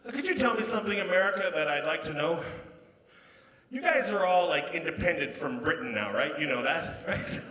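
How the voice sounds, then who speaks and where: Stand-up comic from Canada, fairly high voice, belts out song bits, live hall reverb. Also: male voice, big pitch swings, a little fast. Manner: bursts into loud sung and acted bits. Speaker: stand-up comedian. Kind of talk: stand-up comedy set. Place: large casino showroom with a live audience. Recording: echoey live hall, crowd. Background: audience laughter.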